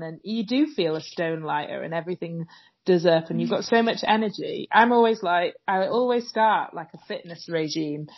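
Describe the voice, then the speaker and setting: A woman's voice: lowish voice, lively intonation, measured pace, breathy edge. A woman chatting wryly, laughing and acting out quotes. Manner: wry, laughing, acts out quotes. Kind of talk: casual chat. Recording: dull lo-fi sound.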